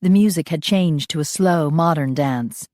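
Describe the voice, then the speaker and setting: A woman narrating an audiobook in a steady, measured way. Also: low-pitched, no room sound, clean studio sound.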